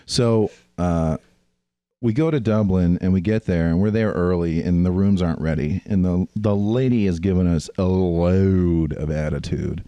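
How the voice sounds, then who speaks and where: A man's voice: low voice, moderate pace, warm tone, no echo. A man co-hosting a podcast, telling travel stories in a casual, profane way and mimicking the people he met. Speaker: podcast co-host. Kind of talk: casual chat, storytelling.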